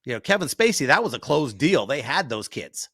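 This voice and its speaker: A man's voice: mid-range voice, very animated, a little fast, fairly bright tone, breathy edge, dry recording, clean studio sound. A man co-hosting a comedy talk radio show, musing in a conversational way.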